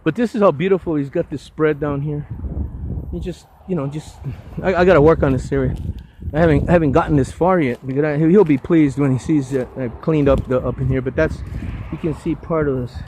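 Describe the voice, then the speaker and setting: A man's voice: on the high side, steady tone, a little fast, a little mellow, slight background noise, poor audio. An older man volunteering to clean up litter, giving a rambling, enthusiastic casual walking tour outdoors on a hillside road, full of stumbling restarts.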